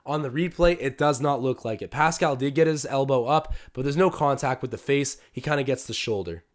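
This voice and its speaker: Young guy streaming a watch-along, casual commentary, yells when stuff happens. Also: mid-range voice, brisk. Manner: excitable, talks to chat, bursts of loud cheering. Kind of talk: casual live game commentary.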